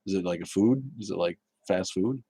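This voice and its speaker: A man's voice: deep voice, fairly quick, mellow, slight background noise. A man hosting a casual livestream, chatting bluntly with viewers, swearing and laughing often. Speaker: livestream host reading chat.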